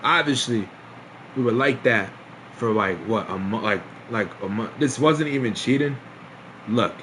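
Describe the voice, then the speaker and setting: A man's voice: medium pitch, measured pace, fairly bright tone, a little hiss or hum. A young man streaming, telling a long story in a casual, rambling way, full of slang, swearing and repeated phrases.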